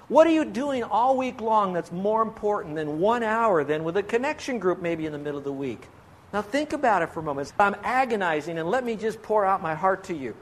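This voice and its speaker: A man's voice: high voice, fairly bright tone. A man preaching a sermon in a church as a pastor, earnest and pleading, asking the congregation one question after another.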